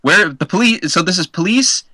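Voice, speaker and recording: A man's voice: sits high, animated, moderate pace, pushed and bright, no room sound, low-quality recording. A man co-hosting a casual podcast, reading a funny news story aloud and laughing often. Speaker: podcast co-host.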